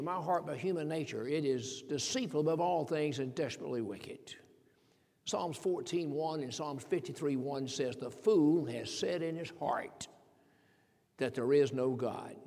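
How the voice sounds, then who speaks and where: A man's voice: fairly high pitch, darkish tone. Preaching man in a reverberant hall. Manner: repetitive, emphatic preaching with rhetorical questions. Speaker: pastor. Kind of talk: sermon. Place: church sanctuary.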